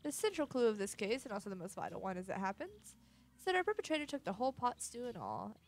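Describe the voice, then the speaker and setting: A pompous, long-winded detective, as a woman puts him on, lingering grandly over every phrase with lively rises and falls. He savors his own cleverness in a video game read-aloud. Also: fairly high pitch, fast. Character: pompous self-important male detective.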